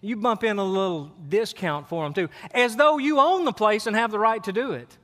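A man in his forties preaches in a relaxed, storytelling way, leaning on asides to his congregation. His voice sits high for a man. The sound rings through a church hall with a long echo. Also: brisk. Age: 40s. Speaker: pastor. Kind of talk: sermon. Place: church sanctuary. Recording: sermon in a hall with long reverb.

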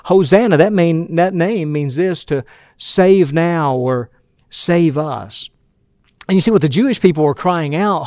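Man preaching a sermon: earnest and emphatic, somewhat high voice, dry recording. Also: darkish tone, dry recording. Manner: earnest, emphatic, with frequent restarts and repeated words.

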